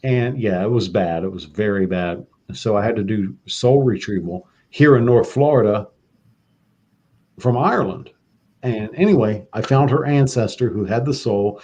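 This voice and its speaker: A man's voice: fairly low pitch, moderate pace, darkish tone, slightly rough. A man hosting a podcast, telling a story in a laid-back casual chat. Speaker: podcast host.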